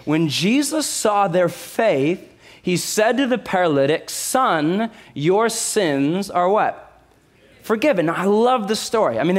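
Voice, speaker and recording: A man preaching a sermon as pastor, telling a Bible story with animated asides and frequent rhetorical questions to the congregation. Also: high-pitched.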